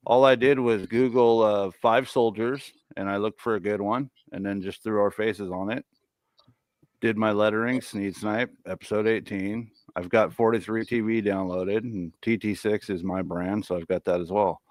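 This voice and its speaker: A man hosting a casual livestream chat show in a relaxed way, swearing now and then. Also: on the low side, moderate pace, no room sound. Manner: laid-back, swears casually.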